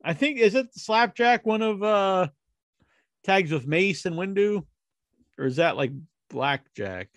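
A man's voice: high voice, lively intonation, unhurried, long pauses, a bit bright, no room sound, studio quality. A man hosting his own show, counting down a ranking with jokey, rambling, crude asides. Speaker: host counting down a wrestler ranking. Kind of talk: casual solo commentary.

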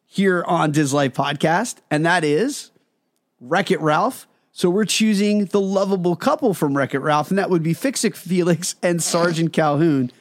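A man's voice: a little high, a little slow, dry recording, studio quality. A man co-hosting a podcast in casual chat, enthusiastic and laughing often. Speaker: podcast co-host.

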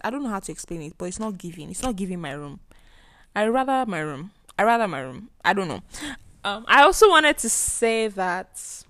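A woman's voice: mid-range voice, dry recording. A young woman, chatting emphatically on her solo podcast from a bedroom at home. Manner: chatty, emphatic, repeats herself. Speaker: podcast host. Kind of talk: casual solo podcast chat.

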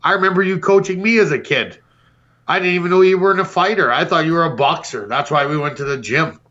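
A man's voice: fairly high pitch, fast talker, sharp tone, muffled recording. A man hosting a podcast, delivering a brash, profane comedic roast rant. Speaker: podcast host.

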